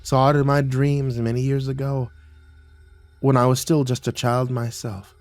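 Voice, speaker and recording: A man voicing a rough, bearded male cult leader speaking in a solemn, reverent way. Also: mid-range voice, flat delivery, moderate pace, a little mellow, dry recording, soft background music, lightly acted.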